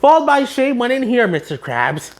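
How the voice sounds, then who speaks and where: A woman doing SpongeBob, a squeaky cheerful sponge. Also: normal speed. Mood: chipper. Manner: excitable, high-pitched squeal. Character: cheerful young male sea sponge, cartoon.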